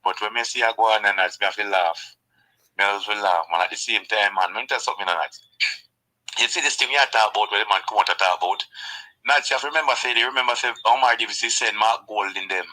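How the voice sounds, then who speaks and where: A man with a Jamaican accent, chatting casually about politics and telling rambling, animated stories in patois. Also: on the low side, fast talker, rough recording.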